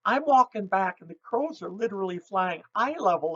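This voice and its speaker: A woman raptor educator telling lively stories and mimicking bird calls as she explains owl behavior. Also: medium pitch, a little fast, slightly rough, dull audio. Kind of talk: educational storytelling.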